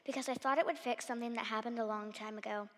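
A woman's voice: on the high side, fairly even intonation, fast talker, close to an everyday voice. A woman voicing a grumpy green male Grinch in a story she reads aloud. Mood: sheepish apologetic. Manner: read-aloud character voice. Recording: long hall reverb.

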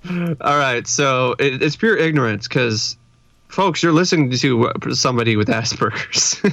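A man's voice: mid-range voice, lively intonation, normal speed, a bit bright, dry recording. A man co-hosting a podcast in casual chat, rambling and laughing often. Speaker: podcast co-host.

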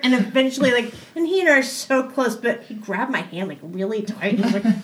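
A young adult woman telling a personal story in a casual way, animated, laughing often and acting out the voices she quotes. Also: high voice, fast, hardly any pauses, noisy background.

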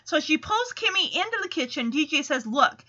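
A woman's voice: high voice, animated, brisk, pushed and bright, muffled recording. A woman chatting through a casual episode recap, with amused asides.

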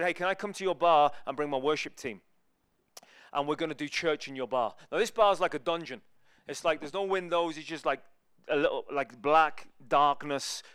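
Animated man preaching a storytelling sermon. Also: fairly high pitch, clear, resonant tone, no room sound, clean studio sound. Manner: animated, acts out people in his stories. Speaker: guest preacher.

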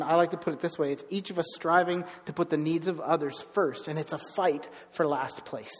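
A man's voice: on the high side, in a large hall. A man preaching a sermon as pastor, conversational, with frequent restarts and asides.

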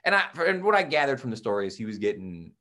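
A young man who teaches and co-hosts a podcast tells stories in casual chat, speaking fast in a mid-range voice. He's an animated storyteller who acts out quotes loudly and with gusto.

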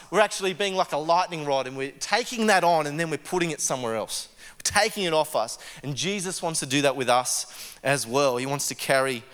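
A man's voice: high-pitched, a bit bright, clean tone, big-room sound. A male pastor preaching a conversational sermon in an earnest way, often stumbling and repeating words. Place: church service.

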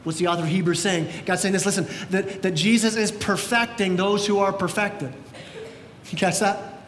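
A middle-aged male pastor preaching a sermon, energetic, often repeating words as he goes. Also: normal speed. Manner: energetic, repeats words, acts out quoted voices. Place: large church sanctuary. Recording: echoey church hall with faint rumble.

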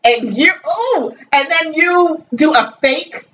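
A woman's voice: high voice, takes it slowly, a bit bright. A woman co-hosting a casual chat show, talking emphatically and swearing freely. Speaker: podcast co-host. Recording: distant, dull, faint noise.

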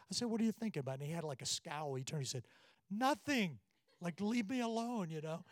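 A middle-aged man preaching a family seminar, his voice sitting a little high for a man. He tells stories and acts out the people in them. The sound is dry, with little room behind it. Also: dry recording. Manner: storytelling, animated when quoting. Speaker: pastor. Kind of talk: sermon.

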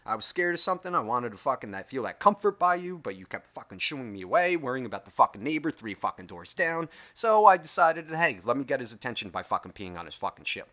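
A smug little house dog with a foul mouth and plenty of attitude, as a man puts her on. She backtalks in a lively, bright voice that swings up and down. She gives no ground. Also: medium pitch, quick pace, few pauses. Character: sassy defiant female pet dog.

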